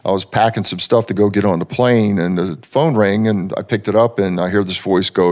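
A man in his seventies, a former ballplayer, telling relaxed anecdotes and acting out the people he quotes. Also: low-pitched, brisk, few pauses. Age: 70s. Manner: relaxed storyteller, acts out quoted voices, frequent "you know".

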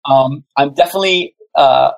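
A man's voice: fairly high pitch, normal speed, gravelly, rough recording. A man as a podcast guest, talking in an enthusiastic, rambling way with many fillers. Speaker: guest, musician. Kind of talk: casual podcast chat.

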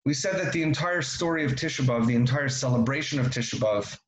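A man's voice: mid-range voice, quick pace. Guy teaching torah, repeats himself a lot, asks questions to the room, kinda echoey. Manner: repeats key phrases, asks rhetorical questions. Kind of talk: Torah lesson.

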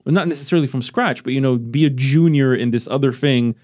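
A fast-talking podcast host with a mid-range, slightly mellow voice, a Romanian man speaking English as a non-native speaker, rambles through a casual chat into a podcast microphone, swearing freely and poking fun at himself.

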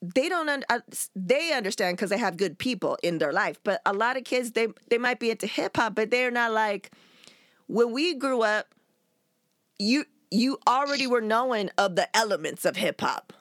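A woman in her forties hosting a casual chat, talking in an animated, slangy way and laughing often. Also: a little high, normal speed, no echo, studio quality. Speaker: podcast host.

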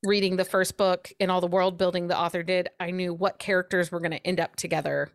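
A woman's voice: fairly low pitch, fast, no echo, studio quality. Chatty woman discussing a book. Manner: animated, acts out characters' lines with laughs. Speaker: podcast co-host. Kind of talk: casual book chat.

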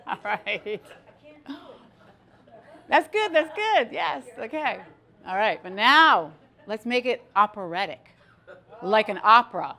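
A middle-aged woman giving a motivational stage talk, playful and animated, drawing the audience into participation. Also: mid-range voice, slow, creaky, pauses often. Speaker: speaker. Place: stage before a live audience.

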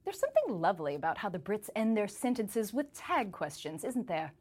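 A woman's voice: mid-range voice, wildly swooping pitch, fairly quick, darkish tone. A woman from the United States delivering a humorous scripted commentary as a correspondent, speaking in a put-on English accent with a playful, teasing, mock-posh delivery.

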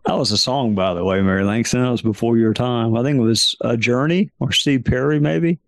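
Man, middle-aged, casual podcast chat, self-mocking, medium pitch. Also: brisk, a little hiss or hum. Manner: folksy, self-mocking, emphatic. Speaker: podcast host answering listener questions.

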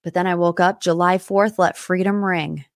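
A young woman hosting a podcast, chatting casually about celebrity gossip in an animated way, with dramatic asides. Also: fairly low pitch, normal speed, no room sound, clean studio sound. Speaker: podcast host. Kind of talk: casual pop-culture gossip chat.

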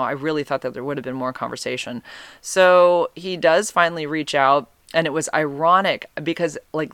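Candid, rambling vlogger with a smooth voice. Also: mid-range voice, a bit bright, no room sound. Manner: rambling, self-correcting, candid and emotional. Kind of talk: casual storytelling to camera.

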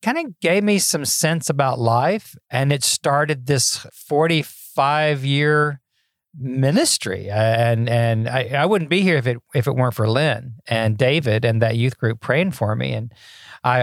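A man's voice: medium pitch, moderate pace, dry recording, clean studio sound. Folksy older man telling his story. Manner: folksy, self-deprecating, repeats words when starting. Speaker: podcast guest. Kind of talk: casual interview storytelling.

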